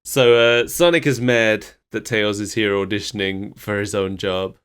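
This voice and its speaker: A man's voice: on the low side, moderate pace, smooth. A man co-hosting a podcast, recapping a cartoon episode in casual chat and laughing often. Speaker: podcast co-host.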